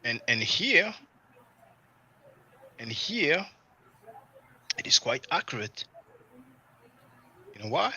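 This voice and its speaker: A man hosting a livestream in a loose, animated way, peppering his talk with "you know" and "man". His voice is very bright and forward, and he sounds relaxed and conversational rather than scripted. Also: medium pitch, slow, pauses often, slightly rough, poor audio. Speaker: livestream host. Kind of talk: casual livestream commentary.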